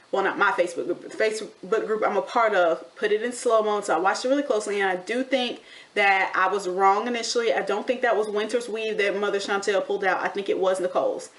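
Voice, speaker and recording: A woman giving a casual, sassy recap of a reality TV show, chatty and animated, with slang like honey and y'all. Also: mid-range voice. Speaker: TV recap vlogger.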